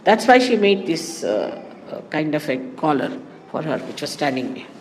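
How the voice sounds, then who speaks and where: A woman's voice: low voice, very animated, normal speed. A woman from India, a spiritual teacher giving a spoken talk to followers, rambling through anecdotes with asides. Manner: anecdotal, digressive storytelling with asides. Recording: echoey hall with faint background noise.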